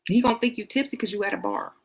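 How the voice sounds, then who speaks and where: A woman hosting a casual advice talk, blunt and playful, speaking colloquially and now and then slipping into a sweeter, higher voice to show how it's done. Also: wildly swooping pitch, very fast, a little hiss or hum. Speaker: dating and self-worth advice host.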